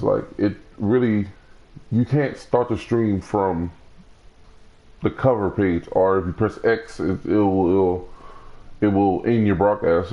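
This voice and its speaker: With a lowish voice on a recording whose highs are cut off, a young man streams and chats casually about a video game he plays. His commentary rambles, full of restarts and filler words.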